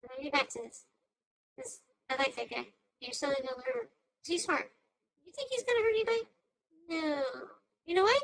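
A woman voicing a squeaky, hyper AI cartoon host. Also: no room sound, low-quality recording. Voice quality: squeaky, bouncing between shouts and mutters. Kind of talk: rambling commentary on a news clip.

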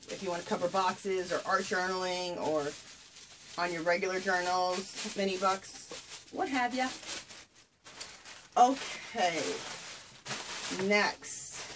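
This woman's voice sits at a medium pitch, with background noise audible. She's vlogging at home, chatting excitedly to a self-positioned camera while unboxing craft gifts and gasping out delighted exclamations.

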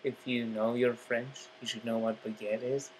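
A man eating on camera in a casual vlog, excited about his food, talking with his mouth full between lots of appreciative mm sounds. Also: medium pitch, moderate pace, a little hiss or hum. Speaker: vlogger.

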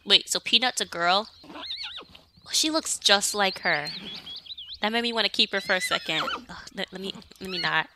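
A woman's voice: mid-range voice, normal speed, pauses often, background noise. A young woman casually commenting on her life-sim game as she plays, chatting to viewers and bossing her characters around. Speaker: let's play streamer.

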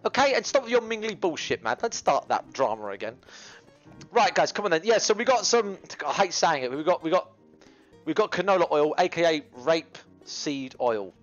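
Brief: male livestreamer, brash rambling chat, animated, dull camera-mic sound. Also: sits high, brisk, faint music behind. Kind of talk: casual cooking livestream chat. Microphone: GoPro camera mic.

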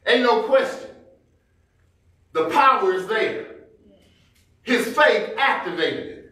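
A man's voice: high voice, animated, takes it slowly, pushed and bright. A male pastor preaching a sermon to his congregation, talking conversationally and acting out everyday scenes. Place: church sanctuary. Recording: very echoey church hall, distant mic.

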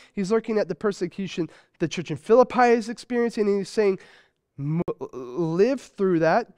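A man's voice: high voice, darkish tone, clear, resonant tone, no echo, clean studio sound. A man in his thirties preaching a sermon in a conversational way, weaving in a family story. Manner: conversational preaching with personal stories. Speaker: pastor. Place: church sanctuary.

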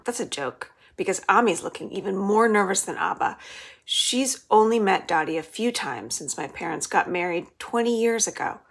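A woman's voice: mid-range voice, moderate pace, creaky. A woman librarian reading the first chapter of a children's novel aloud, telling it expressively. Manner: expressive storytelling.

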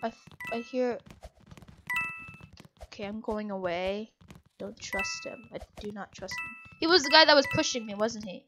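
A woman giving live commentary over her own gameplay. She is excitable, shrieks and laughs at scares, then chats on and apologizes a lot. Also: medium pitch, normal speed, pauses often, music in the background. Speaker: gaming channel host.

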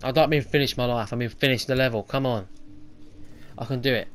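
A man's voice: mid-range voice, fairly even intonation, a little fast. Frustrated man narrating his own gameplay. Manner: talks to himself, frustrated and determined, loud outbursts at failures. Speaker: gaming channel host. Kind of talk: live gameplay commentary.

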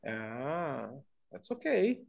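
A man teaching an online English conversation class, coaxing students along slowly with many fillers. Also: a little high, very animated, vocal fry, dull audio.

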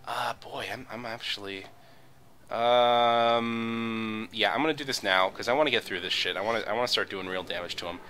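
A man's voice: lowish voice, moderate pace, pushed and bright, slight background noise. A man giving casual, joking commentary over his own card game, rambling and poking fun at himself. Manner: joking, self-deprecating, rambling with fillers. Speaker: gaming video commentator.

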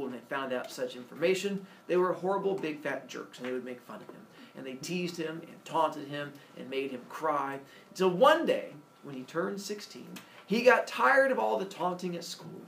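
A man telling a story to listeners in a lively, jokey way. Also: a little high, gravelly. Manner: animated, jokey retelling of myth. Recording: echoey room, distant mic, faint hiss.

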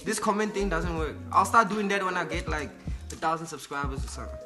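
A man's voice: fairly high pitch, expressive, fast talker, music in the background. A young man, hosting a casual video and making a prank call, rambling with slang and fillers. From South Africa. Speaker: YouTuber host.

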